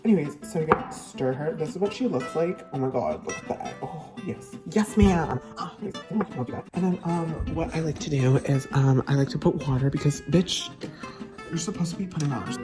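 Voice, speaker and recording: A woman hosting a comedic cooking vlog in a crude, profane and playful way, often talking half-hushed. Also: low voice, fairly quick, over music. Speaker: vlogger.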